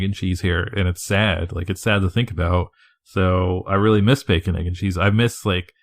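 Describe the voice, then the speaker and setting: A man talking casually on a podcast, his voice sitting a bit low. He rambles, swears freely and laughs at his own asides. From Northeast US. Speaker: podcast co-host.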